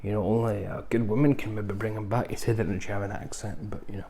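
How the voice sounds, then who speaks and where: A man with a low, gravelly voice gives a loose, conversational film review to camera. He wanders off on tangents and fills pauses with ums. Faint ambient noise sits under the close mic. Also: little pitch movement, mellow. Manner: rambling, conversational, frequent ums and asides. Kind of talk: casual film review chat.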